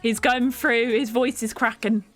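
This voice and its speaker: A woman's voice: a little high, fairly even intonation, measured pace, fairly bright tone. Chatty woman streamer. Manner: chatty, thanks viewers by name, reacts aloud to the game. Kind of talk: casual live-stream chat while playing. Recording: faint music behind.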